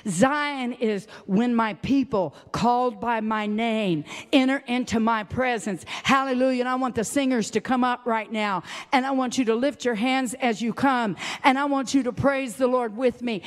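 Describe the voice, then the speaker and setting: Woman preacher, higher voice, sermon in a hall with long reverb, shifts between cries and whispers. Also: moderate pace, few pauses. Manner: swings from high exclaiming to hushed whispers. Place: church sanctuary.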